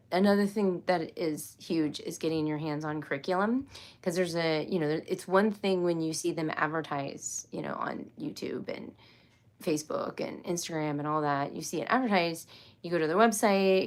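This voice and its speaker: A woman's voice: lowish voice, normal speed. Giggly rambling woman livestreaming. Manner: rambling, giggly, apologetic and self-interrupting. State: tired and loopy after a long workday. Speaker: homeschool livestream host. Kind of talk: casual livestream chat with viewers.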